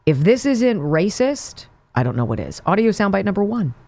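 A woman's voice: medium pitch, very animated, moderate pace, a little mellow, dry recording. A woman hosting a political talk show, delivering sarcastic, mocking commentary.

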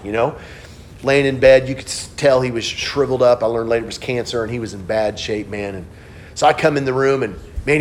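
A middle-aged pastor preaches a sermon built on stories, moving between hushed, low passages and animated outbursts. There's a little hiss or hum in the recording.

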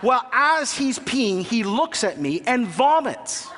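A man in his thirties preaching a sermon as a pastor, telling a family story with animated, self-mocking humor. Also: very high-pitched, slow pace, noisy background. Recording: long hall reverb.

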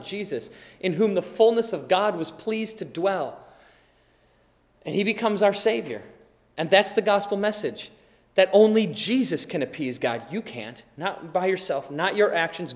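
A man preaching a sermon as a pastor, telling stories with animation and swinging from loud to hushed. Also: high-pitched. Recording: long reverb in a large hall.

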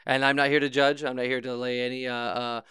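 A man's voice: medium pitch, flat delivery, quick pace, pushed and bright, clear, resonant tone, no room sound, clean studio sound, natural voice. An actor playing a flustered male host of an advice show, stammering and hesitant in improv comedy. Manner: stammering, hesitant, politely baffled.

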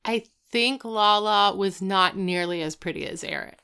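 A woman's voice: mid-range voice, normal speed, vocal fry, pushed and bright, clear, resonant tone. A woman co-hosting a podcast, recapping a TV episode in casual, wry chat full of asides. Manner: chatty, wry, lots of "like" asides. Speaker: podcast co-host.

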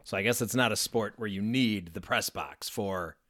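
A man's voice: on the low side, moderate pace, sharp tone, dry recording. A man co-hosting a casual sports podcast. His voice sounds dry and close, and he thinks aloud while hedging his takes. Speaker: podcast co-host.

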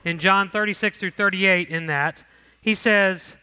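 Man, Bible lesson teacher, fairly high voice, very bright sharp tone, casual commentary. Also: fairly even intonation, unhurried, clean tone. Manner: conversational, reads scripture then comments casually.

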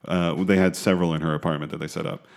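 Deep-voiced young man, crude and joking. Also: flat delivery, racing, gravelly. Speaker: podcast co-host. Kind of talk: casual chat reading news.

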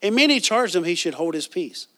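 A man's voice: high voice, sing-song, brisk, pushed and bright. A man preaching a sermon as pastor, reading scripture and asking the congregation questions, with frequent restarts.

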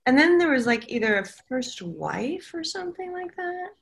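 A woman speaking as a psychic medium, chatty and excitable, relaying what she senses. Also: high voice, moderate pace, creaky. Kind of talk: casual chat.

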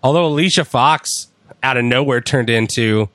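A man chatting casually, retelling events with lively acted-out quotes as a podcast host. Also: mid-range voice, moderate pace, dry recording. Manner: animated storyteller, acts out quotes. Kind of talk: casual chat recapping wrestling.

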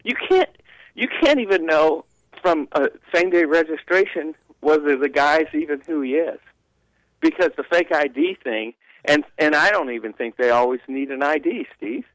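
Male radio regular, drawl, opinionated and mocking, higher voice, dry studio mic. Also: normal speed, fairly bright tone, no room sound, rough recording. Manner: opinionated, mocking quoted voices, rambling restarts. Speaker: radio show regular guest. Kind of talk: talk radio commentary.

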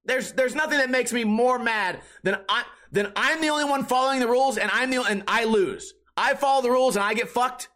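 A man's voice: extremely high pitch, a little fast, few pauses, sharp tone. A young man hosting a podcast, telling a story in a profane, exasperated rant. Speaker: podcast host. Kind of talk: casual podcast monologue.

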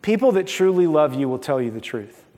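High-voiced man preaching in a reverberant hall. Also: brisk. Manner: conversational, animated preaching with acted asides. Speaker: pastor. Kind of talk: sermon.

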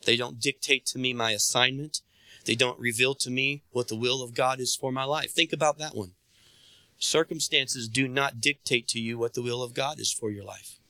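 A pastor preaching a sermon in a bright, forceful man's voice. He calls out to the congregation and presses them to answer back. The sound is close and dry. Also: mid-range voice, fairly even intonation, normal speed, no room sound.

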